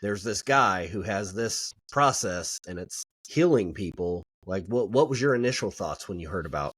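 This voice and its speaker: A man's voice: sits low, expressive, normal speed, a bit bright, slightly rough, no room sound. A man hosting a podcast, prompting his guests to speak and affirming their stories. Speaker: podcast host. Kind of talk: interview hosting.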